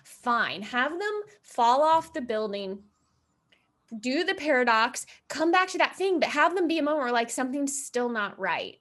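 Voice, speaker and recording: Woman, high voice, heated reaction rant, swearing, apologetic. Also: big pitch swings, fairly bright tone. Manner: fast, swearing, impassioned, apologetic. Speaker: reaction show host.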